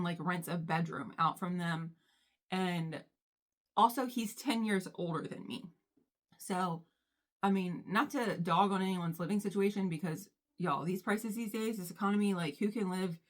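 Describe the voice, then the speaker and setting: A young woman talks loosely and conversationally, tossing in "like" constantly. She chats to her viewers as "y'all" at home while getting ready, casual and unscripted. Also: mid-range voice. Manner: chatty, heavy use of "like", addresses viewers as y'all. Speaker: vlogger. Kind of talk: casual storytime chat.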